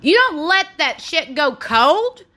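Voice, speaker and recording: High, slow-spoken woman. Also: very animated, pushed and bright. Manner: earnest, pleading and indignant. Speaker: true crime channel host. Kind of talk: impassioned commentary.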